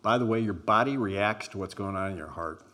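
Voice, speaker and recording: Low-voiced guy running a group exercise, slow and emphatic, leans on his pauses. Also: pushed and bright. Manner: deliberate, emphatic, with weighted pauses; says he is an introvert. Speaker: group workshop leader.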